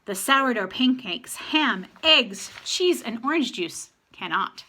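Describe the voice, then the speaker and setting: Grumpy, no-nonsense storybook grandma, bright and lively delivery, as a woman puts her on. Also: fairly high pitch, exaggerated voice. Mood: brisk. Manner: brisk, commanding, dry. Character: brisk, grumpy practical grandmother.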